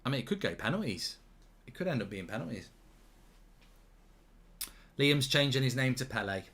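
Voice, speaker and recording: A man's voice: medium pitch, sing-song, normal speed, fairly bright tone. A man giving casual, jokey live football commentary and reading out viewer comments.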